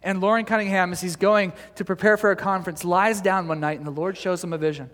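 A male pastor preaching a sermon, telling stories in an animated way with many fillers and restarts, and joking gently with the congregation. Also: high-pitched, fast, big-room sound.

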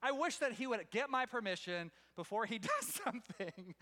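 A man preaches with a high, ringing voice that carries through a reverberant hall. He tells his stories animatedly, tripping over restarts and breaking into chuckles. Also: expressive, a little fast, few pauses, sharp tone, clear, resonant tone. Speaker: pastor. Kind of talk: sermon.

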